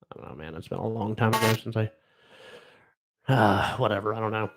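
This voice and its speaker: A man's voice: on the low side, a little fast, creaky, noisy background. A middle-aged man from Ohio hosting a casual live stream, reading odd news stories aloud and rambling wryly with lots of fillers. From Ohio, USA.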